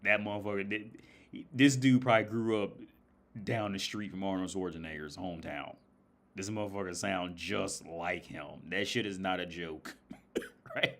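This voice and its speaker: A man's voice: sits low, steady tone, normal speed, fairly bright tone. An American man rambling casually on a livestream, swearing a lot and laughing often. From United States. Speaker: livestream host.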